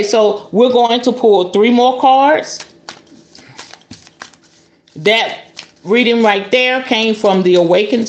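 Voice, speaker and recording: A woman giving a spiritual tarot reading in a casual, animated, preachy way, with some swearing. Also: medium pitch, roomy sound. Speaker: tarot reader.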